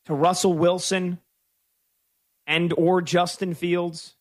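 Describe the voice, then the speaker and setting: A male sports radio host with a fairly high voice, arguing his opinions with emphatic, stretched-out words. He runs a call-in show and talks with conviction. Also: level tone. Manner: opinionated, emphatic, with drawn-out stresses.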